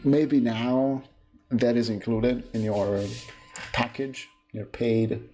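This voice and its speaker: Slow-talking man streaming a speedrun. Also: medium pitch, steady tone, dark tone. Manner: rambling, jokey asides. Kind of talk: casual gameplay commentary. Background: game music.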